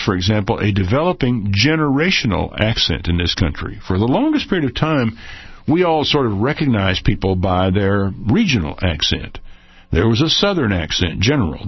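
An older man teaches a Bible lesson unscripted, explaining in a measured way and stressing key words. His husky, mid-range voice rises and falls with lively animation, and the dry, dull, lo-fi recording has no echo.

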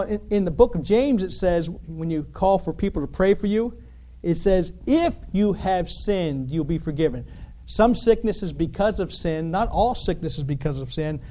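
A man preaching a sermon in an animated, emphatic, conversational way, full of rhetorical questions. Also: a little high.

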